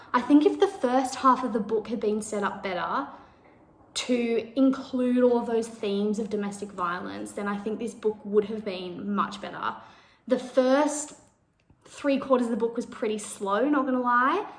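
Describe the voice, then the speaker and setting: A young woman chatting casually about books she has read, rambling a little with lots of fillers. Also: on the high side. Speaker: book vlogger. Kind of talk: casual book review vlog.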